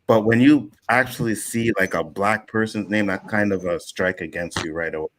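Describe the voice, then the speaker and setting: Here the lowish-voiced Nova Scotian talks at normal speed over slight background noise. Spinning yarns on a casual panel show, he lively acts out what others said.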